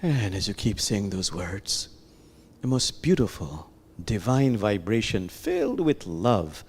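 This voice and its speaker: A man leading a slow, soft, prayerful guided heart meditation during a worship service, pausing often. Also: on the low side, sing-song, breathy edge. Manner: slow, soft, prayerful guidance with long pauses.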